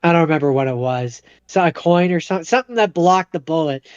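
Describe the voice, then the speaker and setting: A man's voice: a little high, lively intonation, brisk, a little mellow, clean tone, dry recording, highs cut off. A man co-hosting a podcast, casually retelling a movie plot in a rambling way and acting out the characters' lines. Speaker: podcast co-host.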